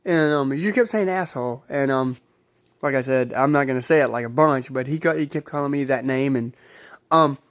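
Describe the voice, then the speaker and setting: A man's voice: medium pitch, brisk. A man casually telling a personal story, rambling, repeating himself and swearing freely.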